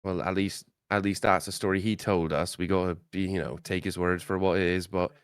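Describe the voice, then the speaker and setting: Very deep, smooth-voiced laid-back man. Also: flat delivery, brisk, no room sound, studio quality. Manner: laid-back, rambling with fillers. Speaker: tabletop player. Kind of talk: casual in-character table talk.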